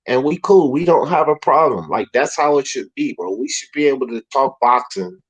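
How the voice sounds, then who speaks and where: A man hosting a boxing talk livestream, animated and heated, swearing freely and rising to shouts. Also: medium pitch, normal speed, slightly rough, low-quality recording.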